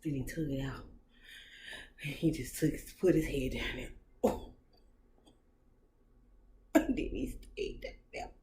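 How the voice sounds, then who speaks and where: A woman vlogger telling a story in casual chat, animated, profane and dramatic as she talks to her viewers. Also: deep voice, a little slow, pauses often.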